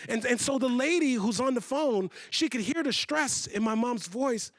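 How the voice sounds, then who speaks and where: A man on stage tells a story to an audience, building energy with repeated phrases. His voice is high for a man and the sound is dry and close on a stage mic. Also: moderate pace, no room sound. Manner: animated storyteller, repeats for emphasis. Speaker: keynote speaker. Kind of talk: storytelling keynote talk. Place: event stage.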